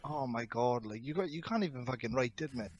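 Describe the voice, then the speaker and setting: A man's voice: medium pitch, expressive, brisk, slightly rough, dry recording, lo-fi sound. A Welsh man telling wild stories as a podcast guest, swearing heavily, laughing and calling everyone mate. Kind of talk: casual storytelling chat.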